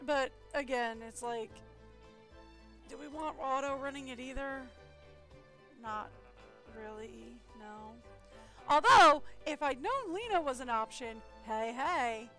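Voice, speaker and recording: A woman's voice: sits high, expressive, slow, long pauses, sharp tone. A woman streaming a game live, musing and rambling aloud as she plays. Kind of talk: casual live-stream commentary. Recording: game music faintly behind.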